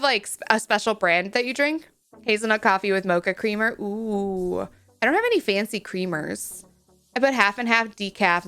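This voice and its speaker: Bubbly young woman streamer, high voice. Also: fairly bright tone. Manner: bubbly, chatty, cutesy slang, reads chat aloud. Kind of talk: casual live-stream chat.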